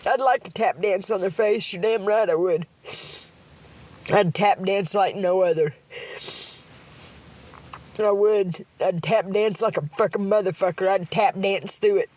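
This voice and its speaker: A woman's voice: mid-range voice, a little slow, pauses often, a little mellow. Woman on an angry, profane live rant. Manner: profane, heated and repetitive. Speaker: livestreamer.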